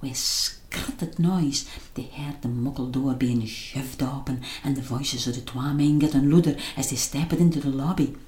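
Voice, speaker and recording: A woman with a Scots accent reading a children's story in dialect, in a hushed, tense way. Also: low-pitched. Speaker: narrator. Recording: roomy echo.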